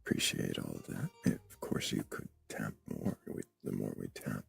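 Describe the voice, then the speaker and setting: Male live-stream host, very low and gravelly, faint music behind. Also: moderate pace, hardly any pauses, a bit bright. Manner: probing, interrupts to press points.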